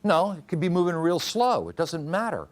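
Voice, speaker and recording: A man's voice: fairly high pitch, sing-song, moderate pace. A man teaching a trading class, quizzing students and repeating key rules. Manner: questions the class and drills answers. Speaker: trading instructor. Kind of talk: classroom lecture.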